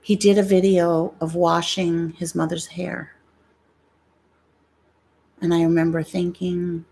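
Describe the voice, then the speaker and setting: Middle-aged woman live-streamer from New York, chatty and blunt, lower-pitched, close ASMR mic. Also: steady tone, unhurried, pauses often, darkish tone, husky. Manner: chatty and blunt, many "like" fillers, tangents. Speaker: YouTube live-stream host. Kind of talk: casual live-stream chat. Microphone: ASMR microphone.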